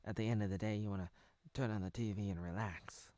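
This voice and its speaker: A man's voice: lowish voice, steady tone, fast, mellow, no echo. An American man in his thirties giving casual, jokey parody commentary over a show, rambling and correcting himself as he goes. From United States. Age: 30s. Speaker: video commentator.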